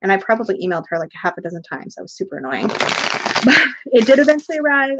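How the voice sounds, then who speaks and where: A woman hosting a casual live stream from a small room at home, bubbly and excitable, laughing often. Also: on the high side, racing, background noise. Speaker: tarot reader and channel host.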